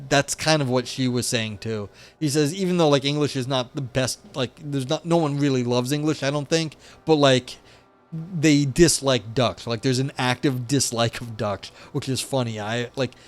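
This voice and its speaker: A man casually streaming, reading and discussing a philosophy paper in a rambling, chatty way full of fillers and side remarks. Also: mid-range voice. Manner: rambling, chatty, many fillers, laughs at own asides. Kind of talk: casual live-stream commentary.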